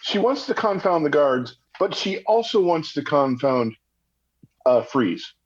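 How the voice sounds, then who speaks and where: A man's voice: fairly high pitch, sing-song, a little slow, husky. A man guesting on a podcast, chatting casually and playfully. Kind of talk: casual chat. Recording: slightly dull, muffled audio.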